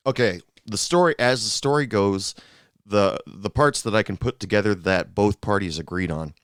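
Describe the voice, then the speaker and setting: A man's voice: lowish voice, moderate pace, clean tone, dry recording, studio quality. A man hosting a show and telling bar stories in a rambling, casual monologue full of fillers and restarts. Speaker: podcast host, former bartender.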